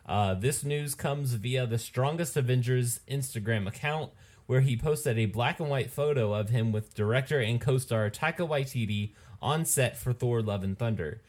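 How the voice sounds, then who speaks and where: A young man of average pitch co-hosting a podcast. He reads out entertainment news and chats in a relaxed, easygoing manner, often stopping and restarting mid-thought. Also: normal speed. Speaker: podcast co-host. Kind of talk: casual chat and reading news items.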